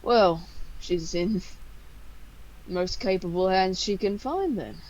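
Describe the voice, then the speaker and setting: A woman game master voicing a gruff male tavern barman with a dry, unimpressed drawl. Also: sits high, takes it slowly, highs cut off.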